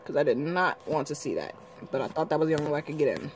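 A man giving joking, excitable commentary over his video game play, calling out to the characters on screen. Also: a little high, racing, a little hiss or hum. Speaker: gameplay commentator. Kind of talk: casual gameplay commentary. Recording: game music loud behind voice. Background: video game music and sounds.

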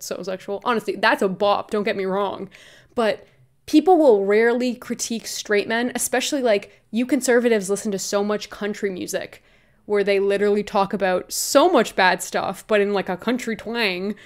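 A woman's voice: medium pitch, normal speed. Casual young woman talking into her vlog cam, opinionated, keeps cracking up. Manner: chatty, laughs often, reads tweets aloud. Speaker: commentary YouTuber.

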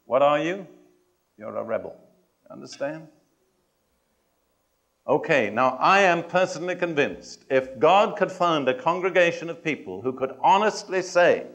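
A man preaching a sermon to a congregation. He speaks in a measured, emphatic way, puts questions and challenges to his listeners, and adds touches of dry humor. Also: on the high side, lively intonation, fairly bright tone, dull audio. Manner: addresses and challenges the congregation directly.

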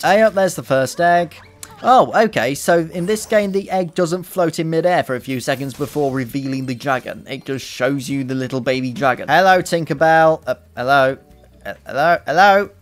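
A man doing sarcastic, profane, excitable commentary while playing a video game, recorded into a desk microphone. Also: mid-range voice, normal speed, faint music behind. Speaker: let's play commentator.

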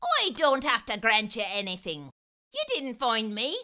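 Woman doing a high scoffing leprechaun. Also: huge pitch swings, a little slow, bright, forceful tone, exaggerated voice. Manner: scoffing, demanding, boastful. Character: small grumpy bossy male leprechaun.

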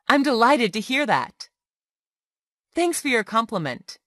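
A woman reads practice phrases aloud like an English tutor. She speaks slowly and clearly, and her pitch rises and falls a lot from line to line. The sound is dry, with no room around it. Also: dry recording. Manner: slow, clear, expressive phrase reading.

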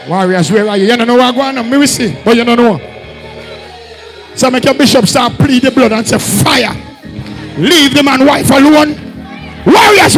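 High-voiced Jamaican preacher shouting. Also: male voice, rough recording. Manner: shouting calls to the congregation, repeating refrains. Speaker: apostle leading a church service. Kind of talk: fiery Pentecostal sermon. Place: church hall during a live service.

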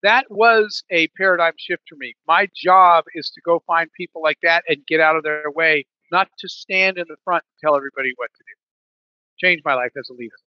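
A man's voice: fairly high pitch, moderate pace, dry recording, muffled recording. Man telling stories with lots of restarts. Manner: animated storyteller with many restarts and filler. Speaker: podcast guest, business leader. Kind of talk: storytelling interview answer.

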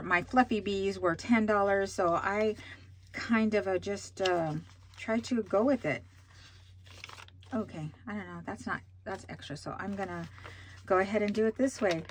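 A woman's voice: medium pitch, slight background noise. A woman hosting a budgeting vlog, chatting casually with many fillers while counting out cash. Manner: bubbly excited exclamations.

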